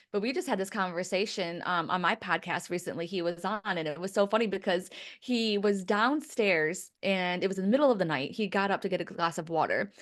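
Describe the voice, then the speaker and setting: A woman from Michigan, a psychic medium mentor, telling stories in an animated, laughing way in a casual podcast conversation. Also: on the low side. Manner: animated storytelling with frequent laughs.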